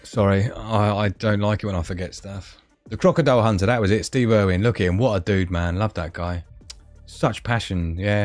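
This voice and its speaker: A man's voice: lowish voice, expressive, moderate pace, a little mellow, no echo, soft background music. Rambling man, dry close sound. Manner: rambling, chatty, loses his thread. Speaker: livestream host. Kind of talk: casual live-stream chat.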